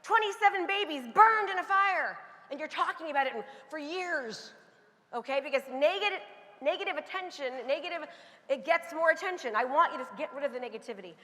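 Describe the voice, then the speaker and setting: High, bright woman shouting motivation on stage. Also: expressive, brisk. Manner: calls out chants to the crowd and shouts them. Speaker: motivational speaker. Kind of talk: energetic stage motivational talk. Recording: long hall reverb.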